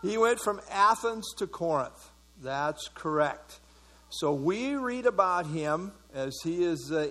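Male pastor, slightly high pitch, conversational Bible study teacher who quizzes his audience. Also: a bit bright. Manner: conversational, asks the audience questions, many fillers.

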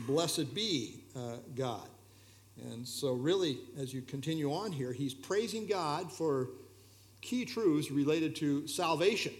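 A man with a fairly high speaking voice teaches a Bible study. He explains each verse in a relaxed, conversational way and often pauses with "uh" and small restarts. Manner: hesitant, many fillers, relaxed and explanatory. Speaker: pastor leading a Bible study.

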